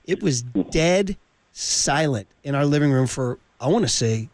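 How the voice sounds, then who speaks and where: A man's voice: fairly high pitch, lively intonation, measured pace, a little mellow, no echo. A man in his forties hosting sports talk radio, telling heartfelt fan stories with passion and saying "dude" a lot.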